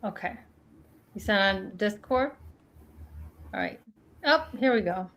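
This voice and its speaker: A woman's voice: medium pitch, animated, measured pace, fairly bright tone. A woman hosting a casual livestream, chatting with guests, laughing often and reading documents aloud. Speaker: livestream host.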